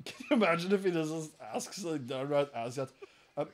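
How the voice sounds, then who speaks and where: A man's voice: a little high, animated, normal speed, slight background noise. A man hosting a crude comedy podcast, swearing a lot, laughing often and mocking people in put-on voices. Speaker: podcast host.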